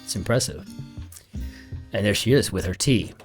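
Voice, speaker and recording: A man's voice: fairly low pitch, lively intonation, normal speed. A middle-aged man solving a crossword aloud as host, chatty and rambling, muttering the clues half to himself. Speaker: crossword solver and channel host. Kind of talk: casual think-aloud puzzle solving. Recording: soft guitar music underneath.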